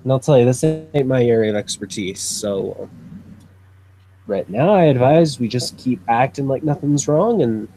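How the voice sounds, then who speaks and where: A man voicing his wary, street-smart male character in a tabletop game, halting and repeating words when unsure. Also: medium pitch, dark tone, lightly acted, low-quality recording. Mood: uneasy. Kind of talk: in-character tabletop role-play. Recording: clear background noise.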